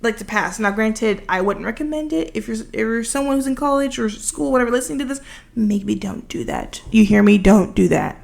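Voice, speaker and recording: With vocal fry in a slightly high voice, a vlogger in her twenties talks fairly quickly as she builds. She's right up on a desk microphone, winding through a long, self-deprecating tale.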